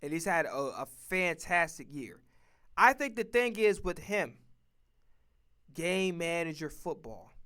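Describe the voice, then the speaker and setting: Speaking unhurriedly in a sing-song, pushed, bright voice on the high side, a streamer offers a casual sports-opinion rant. The commentator curses, stresses every point, and keeps repeating his football picks.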